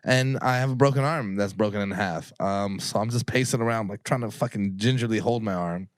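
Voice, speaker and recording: A man's voice: fairly low pitch, a little fast, no echo. A man telling a personal story on a podcast in a casual, rambling way, swearing freely and acting out what people said. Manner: profane, rambling, acts out quoted people.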